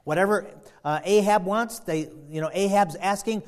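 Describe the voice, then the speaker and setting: A man's voice: sits high, moderate pace. A man preaching a sermon, retelling a story in a folksy, rambling way. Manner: folksy, storytelling, many fillers and restarts.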